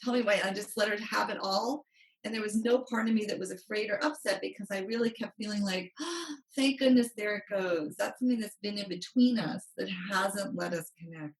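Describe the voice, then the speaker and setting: A woman's voice: medium pitch, brisk. A woman money coach, a guest on a podcast, telling a story animatedly and acting out quotes. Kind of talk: interview storytelling. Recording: roomy, distant from mic.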